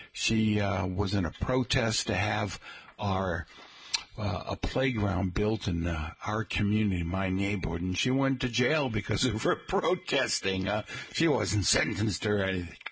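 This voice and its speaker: A man's voice: on the low side, a little slow, fairly bright tone, slight background noise. A middle-aged man hosting a radio show, rambling in a folksy way and often calling his listeners folks. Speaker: radio host. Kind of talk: casual radio talk.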